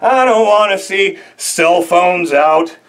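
A young man hosting a show, delivering an excitable comedic rant full of rambling fillers. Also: high voice, takes it slowly. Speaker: host.

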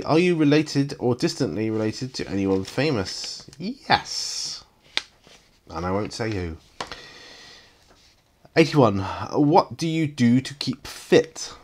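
A man hosting a solo question-and-answer vlog. He reads out each question, then answers it himself in a casual, reflective way. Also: medium pitch. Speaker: channel host.

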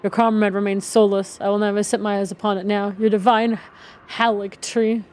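A woman voicing a solemn, sorrowful male devotee of a god from a video game, speaking in a halting, lamenting way. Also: mid-range voice, little pitch movement, darkish tone, pitched below the performer's own voice, close to an everyday voice. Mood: mournful. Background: game music.

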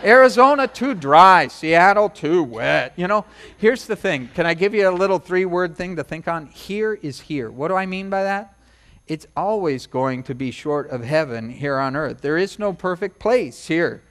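High-voiced animated preaching man. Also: moderate pace. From United States. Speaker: pastor. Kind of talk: sermon.

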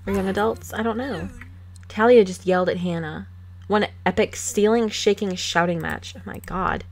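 Speaking at a moderate pace in a steady, medium-pitched tone, a woman hosts a gaming channel over a desk microphone. She gives casual, sassy commentary on her life-sim game and laughs often while commanding her characters.

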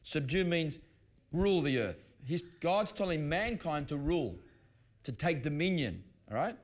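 A man's voice: a little high, very animated, a little slow. A middle-aged man preaching a sermon, conversational, often restarting his sentences as he tells personal stories. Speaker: pastor. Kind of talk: sermon teaching.

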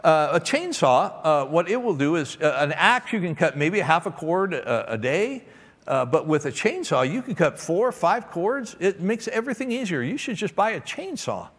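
A man's voice: fairly high pitch, sing-song, moderate pace, a bit bright, exaggerated voice. A man voicing a persuasive male hardware store owner in a sermon story, selling in a coaxing way. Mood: salesy. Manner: salesy, coaxing. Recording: long hall reverb.

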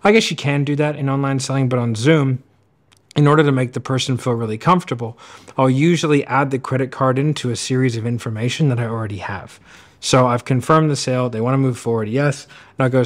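A man giving casual commentary on sales clips, talking quickly and acting out sales calls. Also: mid-range voice. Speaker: sales coach reacting to clips.

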